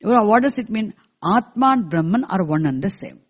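A teacher explaining a scripture verse to a class in a measured way, repeating key terms and asking the listeners questions, with verses chanted slowly in between. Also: medium pitch, lively intonation, slightly rough. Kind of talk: scripture lecture.

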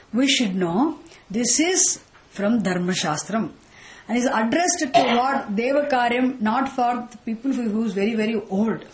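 A woman, teaching a scripture class in a slow explanatory way, posing one rhetorical question after another. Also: fairly high pitch, low-quality recording. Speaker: Vedanta teacher.

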